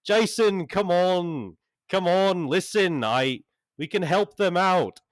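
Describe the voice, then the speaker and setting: A man's voice: mid-range voice, animated, slow pace, no echo, clean studio sound, pitched above the performer's own voice. A man doing a pushy, pleading pal. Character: pushy, pleading man chasing an old friend.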